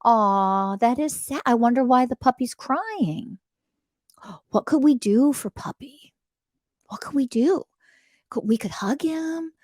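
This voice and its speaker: A woman puts on a gentle mother talking to a toddler. The voice lifts high into soft, breathy baby talk. It is recorded dry and close. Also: expressive, slow pace, no echo, exaggerated voice. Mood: tender.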